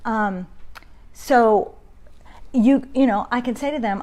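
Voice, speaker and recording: A woman's voice: mid-range voice, slow pace, a little mellow. A middle-aged woman hosting a parenting live stream from home on her phone, talking conversationally and greeting viewers by name as she teaches. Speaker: parenting group host. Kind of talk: casual live-stream talk.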